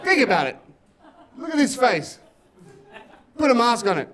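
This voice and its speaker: Brief: male comic, higher pitch, brash storytelling. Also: big pitch swings, some chatter behind. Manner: brash, quick storytelling, shouted punchlines. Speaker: stand-up comedian. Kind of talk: stand-up set.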